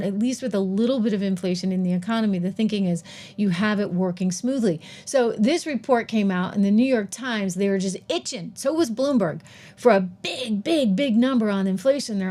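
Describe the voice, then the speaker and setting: A middle-aged woman hosts a live political and investing commentary show, speaking in an ordinary mid-range pitch with a dark tone. She talks emphatically and animatedly, firing off rhetorical questions. While typing on air she laughs at herself, dropping quick self-mocking asides.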